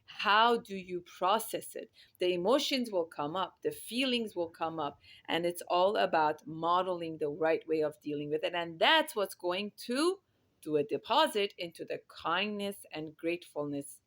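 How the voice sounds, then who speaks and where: A woman speaks with earnest conviction about raising children. Her voice sits a little low, and she builds her points through emphatic, repeated lists of short phrases. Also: animated, moderate pace, fairly bright tone. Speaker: parenting speaker. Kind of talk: earnest parenting talk.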